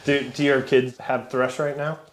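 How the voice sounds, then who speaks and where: Man, mid pitch, casual podcast host, laughs often, swears, roomy sound, faint noise. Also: flat delivery, moderate pace. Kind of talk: casual chat.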